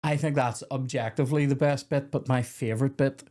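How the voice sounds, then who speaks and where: A man in his young adult years talks through a film on a casual podcast. He rambles, swears freely and keeps breaking off mid-sentence to start again, at an ordinary middle pitch. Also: steady tone, brisk, dark tone. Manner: rambling, swearing, self-interrupting. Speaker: podcast host. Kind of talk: casual film review chat.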